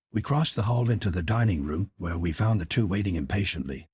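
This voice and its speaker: Very deep, husky male audiobook narrator. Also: animated, brisk, few pauses, a little mellow. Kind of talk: first-person audiobook narration.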